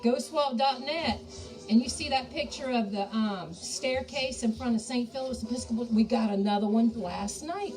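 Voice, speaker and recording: Folksy woman cooking, higher voice. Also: darkish tone. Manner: folksy, talks to viewers as y'all. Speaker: home cook and ghost tour guide. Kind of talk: chatty cooking video. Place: home kitchen. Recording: distant mic, music playing behind.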